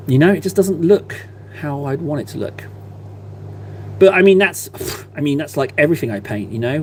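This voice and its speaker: A man's voice: medium pitch, darkish tone, a little hiss or hum. A man in his thirties chatting casually on a live stream while he paints, rambling and self-deprecating.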